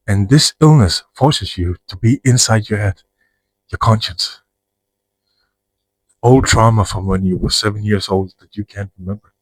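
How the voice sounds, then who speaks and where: Husky man, frank and rambling. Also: fairly low pitch, moderate pace, no echo, poor audio. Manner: frank, profane, rambling with restarts. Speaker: vlogger. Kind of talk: personal monologue to camera.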